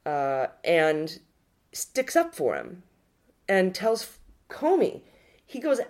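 Casting note: low-pitched woman co-host, animated casual political chat. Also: slow pace. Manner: animated, restarts and swears freely. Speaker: podcast co-host.

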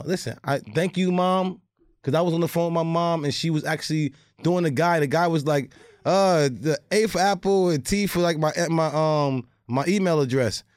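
A man's voice: sits high, dry recording. A man co-hosting a podcast, telling a rambling, profane comic story in casual chat. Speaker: podcast co-host.

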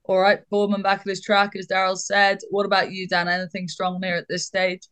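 A woman hosts a racing tips podcast in a brisk, casual way. She leads the panel and keeps it moving. She jokes between the races. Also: mid-range voice, completely flat delivery, a bit bright, clear, resonant tone. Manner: brisk, joking presenter leading the panel. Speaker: podcast host.

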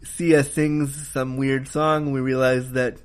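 A man's voice: mid-range voice, flat delivery, slow pace, smooth. A man giving a casual spoken film review, emphatic and heated, swearing freely as he rants.

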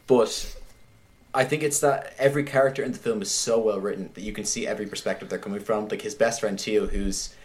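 A man's voice: fairly low pitch, brisk. Man chatting casually about films. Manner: animated retelling, heavy use of "like". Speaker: podcast guest discussing films. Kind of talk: casual film chat.

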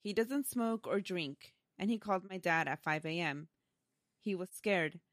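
A woman co-hosting a podcast, chatting casually and reading listener stories aloud. She laughs easily between lines, and her voice sits a little low. The recording is dry and close, with no room sound. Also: measured pace, no room sound. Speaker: podcast co-host.

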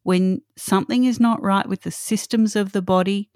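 A woman's voice: medium pitch, steady tone, moderate pace, darkish tone, no room sound, studio quality. A middle-aged woman hosting a solo podcast, earnest and emphatic, repeating her key points. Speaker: podcast host.

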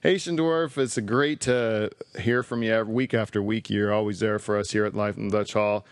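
A man's voice: fairly low pitch, steady tone, brisk, no echo. A man hosting a podcast in a casual, jokey and rambling way, reading listener feedback aloud. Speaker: podcast host.

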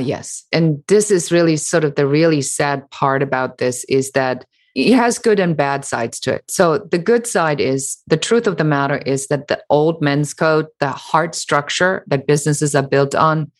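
A middle-aged woman, an author and business founder, answering interview questions in an animated, emphatic way with sarcastic mimicry. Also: deep voice, measured pace.

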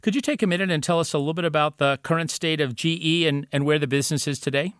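A man hosting a podcast interview, polite and gracious, with many filler pauses as he frames his questions. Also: on the high side, fairly bright tone, clean tone, no echo, clean studio sound. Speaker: podcast host.

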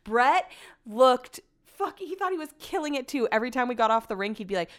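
A woman's voice: on the high side, brisk, a bit bright, smooth. Chatty, foul-mouthed woman podcast host. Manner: chatty, sarcastic, swears freely. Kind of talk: casual podcast storytelling.

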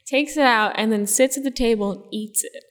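A woman's voice: on the high side, normal speed, long reverb tail. A young woman from the Jersey Shore, telling stories in a casual interview, rambling, laughing and saying "like" often. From New Jersey Shore. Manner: rambling, laughing storyteller, many likes. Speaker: guest.

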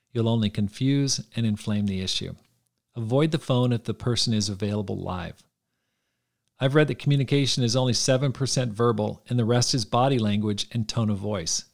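A man hosting a podcast, reading aloud from his own book in an earnest, measured way. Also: fairly low pitch. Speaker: podcast host.

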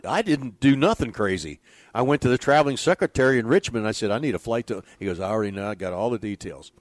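An older man, a former pitching coach, telling stories in an interview with a folksy, animated manner, acting out the dialogue. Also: dry recording. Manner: folksy, animated storyteller who acts out quoted dialogue. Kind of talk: storytelling in a conversational interview.

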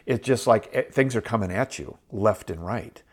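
A man's voice: fairly low pitch, normal speed. A middle-aged man hosting a show, giving an earnest, encouraging Bible teaching and repeating phrases for emphasis. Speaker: host.

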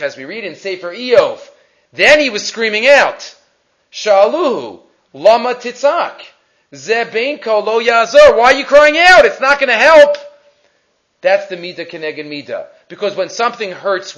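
A man teaching a text-based lecture, reading passages aloud, translating them and posing questions he then answers. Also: sits high. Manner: asks and answers rhetorical questions. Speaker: Torah teacher. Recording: dull lo-fi recording.

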